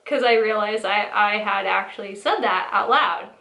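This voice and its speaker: A woman's voice: medium pitch, moderate pace, vocal fry, bright, forceful tone. A young woman in her twenties telling a casual storytime, rambling and mocking. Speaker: storytelling vlogger. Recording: echoey room.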